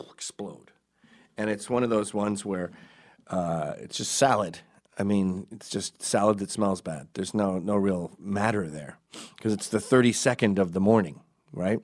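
Middle-aged male storyteller, deep-ish voice, dry crude humor with muttered asides. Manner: deadpan crude storytelling with sudden quiet asides. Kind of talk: comic anecdote.

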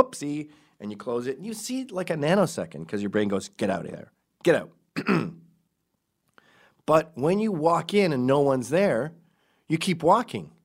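A middle-aged man telling a crude comic anecdote in a deadpan way, dropping to quiet asides. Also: mid-range voice.

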